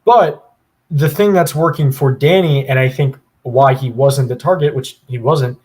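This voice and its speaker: A man's voice: medium pitch, a little slow, darkish tone. A man co-hosting a podcast, giving a long, opinionated analysis in casual chat with plenty of fillers. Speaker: podcast co-host.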